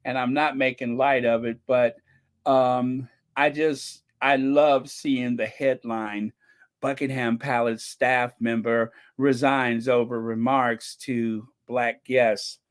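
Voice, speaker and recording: Slow-talking chatty male channel host. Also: mid-range voice, little pitch movement, clear, resonant tone. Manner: chatty, laughs often while talking. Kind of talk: casual commentary reading comments.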